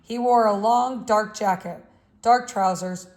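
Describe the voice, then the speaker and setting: A woman reading a novel aloud in a measured, steady way. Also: mid-range voice. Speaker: audiobook reader.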